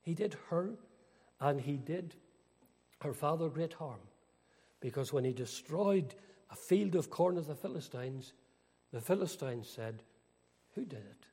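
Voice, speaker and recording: A man's voice: on the high side, lively intonation, a little slow, long pauses, dark tone, husky. An older man preaching a sermon earnestly, with dramatic rises and falls. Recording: long hall reverb.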